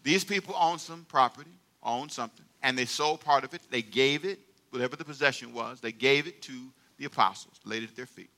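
A man preaching a sermon as pastor, playful and animated, drawing the congregation into call-and-response. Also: medium pitch, a little fast, few pauses.

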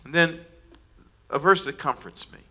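A man preaching a sermon as pastor, swinging between quiet, drawn-out reading and loud, rising declarations. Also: fairly high pitch. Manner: preaching with dramatic swings between hushed and shouted lines.

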